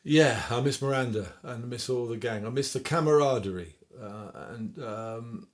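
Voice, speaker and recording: A man's voice: mid-range voice, moderate pace. A man with a West Country accent, chatting casually between songs at home and reading out dedications for a request show. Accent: English West Country. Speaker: singer-songwriter hosting a request show. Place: at home during lockdown. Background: faint guitar.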